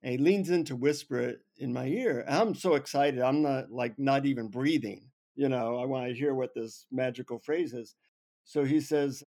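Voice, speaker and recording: A man on an interview show telling a funny personal story with lively, self-mocking humor. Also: mid-range voice, moderate pace. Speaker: guest. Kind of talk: anecdotal storytelling.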